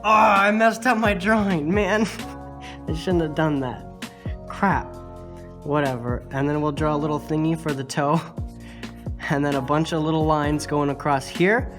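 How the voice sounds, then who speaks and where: A man's voice: fairly high pitch, a little slow, long pauses, music in the background. Man for a chatty art tutorial, self-deprecating, loose and rambling, fillers throughout. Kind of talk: casual drawing tutorial.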